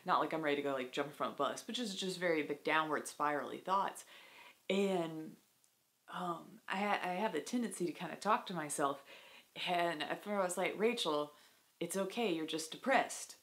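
Low-voiced woman talking candidly. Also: fairly bright tone. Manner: halting, many fillers and restarts. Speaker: vlogger. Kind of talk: candid personal talk to camera.

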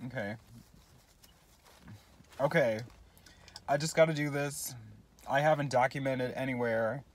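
A man's voice: mid-range voice, a little slow. Rambling, self-deprecating young man vlogging. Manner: chatty, self-deprecating, rambling with frequent apologies. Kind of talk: casual rambling vlog while eating.

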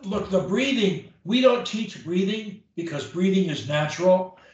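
A man's voice: sits high, lively intonation, a little slow, lo-fi sound. A man coaching a client one-on-one through speech drills, emphatic and demonstrating each drill aloud. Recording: very echoey room, mic at a distance.

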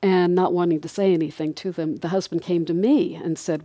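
A woman's voice: lowish voice, a little fast, dark tone, no room sound. A middle-aged woman, a guest on a podcast interview, speaking in an earnest, reflective way and laughing lightly now and then. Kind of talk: conversational interview.

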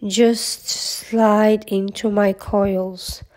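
A woman voicing a sly, hungry male snake in a storybook read-aloud, slow and hissing as she coaxes. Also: medium pitch, level tone, a little mellow. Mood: coaxing.

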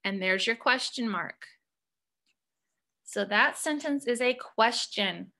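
Reading sentences slowly to young pupils, a woman teacher works through punctuation and asks prompting questions. She has a fairly high pitch and a bright, forceful tone.

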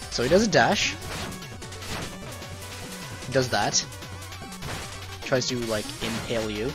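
Brief: mid-pitched man, excitable let's play commentary, faint game music behind. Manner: jokey, self-deprecating, excitable. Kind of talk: casual gameplay commentary.

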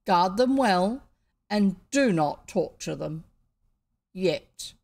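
A cruel, careless Pharaoh who speaks in slow, lordly commands, voiced by a woman reading a storybook aloud. His voice has a gravelly roughness and a middling pitch. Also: lively intonation, a little mellow, heavily acted. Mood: commanding.

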